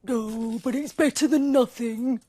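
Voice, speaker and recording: A woman voicing a fussy, choosy little male bear in a storybook reading, with a squeaky, drawn-out complaining voice. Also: fairly even intonation, mellow.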